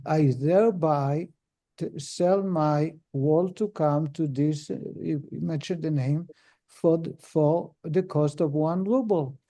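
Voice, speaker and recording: Mellow-voiced rabbi telling a story. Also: male voice, on the high side, slow. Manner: acts out characters in the story, with frequent restarts and filler words. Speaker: rabbi teaching a Torah lesson. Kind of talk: storytelling in a lesson.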